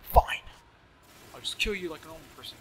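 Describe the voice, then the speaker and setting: A young man with a slight lisp talks through his own shooter match, joking, cursing and shouting at opponents. His voice is bright and forceful, leaping up and down in pitch, fairly high for a man. Faint gunfire and game noise run underneath. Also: animated, rapid-fire. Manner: joking, swears often, yells at opponents and teammates. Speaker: gamer commentating his own gameplay. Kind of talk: casual live gameplay commentary.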